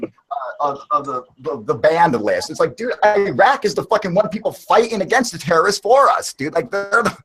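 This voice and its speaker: Man host, swears constantly, rambles with force, voice sits a bit high. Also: a bit bright. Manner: heavy swearing, rambling and emphatic. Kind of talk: casual live chat.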